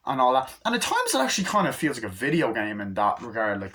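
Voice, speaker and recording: An excited young man giving a casual movie review into his phone, swearing often and acting out scenes. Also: medium pitch. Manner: excited, swears a lot, acts out scenes with quick voices.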